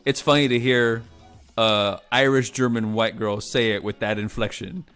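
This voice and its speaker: Rambling, animated man hosting a stream. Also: mid-range voice, moderate pace, clean tone, soft background music. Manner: rambling, animated, swearing, many restarts. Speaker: livestream host. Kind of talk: casual live-stream chat.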